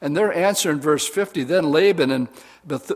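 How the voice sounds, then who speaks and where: A man's voice: on the high side, normal speed. A man preaching a sermon, retelling a scripture story in casual, folksy words to a women's audience.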